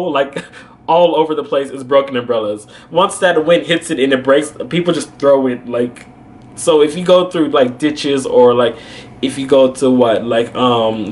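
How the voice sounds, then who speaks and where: Rambling young man with a higher voice. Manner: rambling, full of "like" and "you know". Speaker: vlogger. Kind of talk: casual storytelling to camera.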